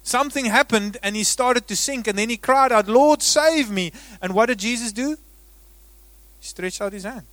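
A man with a high voice preaches a sermon, rising to loud emphasis and then dropping to a near hush. His sound is dry and close, with no room around it. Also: moderate pace, no room sound. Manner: dramatic swings between loud emphasis and hushed delivery. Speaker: pastor.

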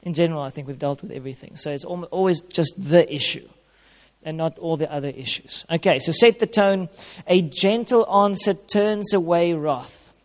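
A man giving an informal sermon on marriage as a pastor, conversational and plain-spoken, repeating key phrases. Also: on the high side. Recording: long hall reverb.

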